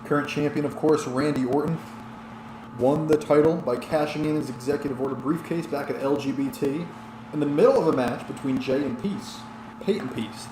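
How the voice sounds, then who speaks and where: A man's voice: a little high, normal speed, reverberant, background noise. A tipsy man streaming and giving rambling play-by-play commentary on a wrestling video game, chatting back to his viewers.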